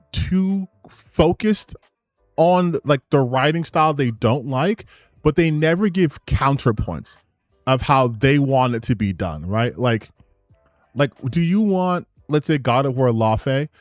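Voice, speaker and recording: Lively, animated male commentator. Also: mid-range voice, takes it slowly, no room sound, studio quality, faint music behind. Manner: excited, rambling, frequent restarts. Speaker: gaming and politics commentator. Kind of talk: reacting to clips, casual commentary.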